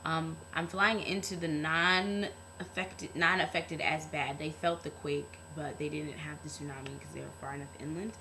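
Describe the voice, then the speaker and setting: A woman's voice: deep voice, steady tone, moderate pace, pushed and bright, slight background noise, rough recording. A young woman talking to camera in a casual vlog, earnest and heartfelt, rambling with lots of fillers. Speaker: vlogger.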